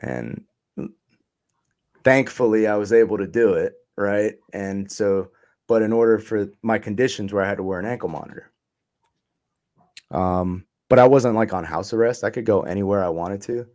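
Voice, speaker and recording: A man's voice: on the low side, normal speed, darkish tone. A man telling his story as an interview guest in casual chat, loose and profane, trailing off with ums and short laughs.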